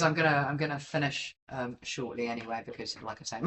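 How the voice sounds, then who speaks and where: A man's voice: mid-range voice, little pitch movement, brisk, hardly any pauses, pushed and bright, far from the mic, poor audio. A man giving casual live-stream market commentary over charts, rambling and self-deprecating with many filler ums. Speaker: livestream crypto chart analyst.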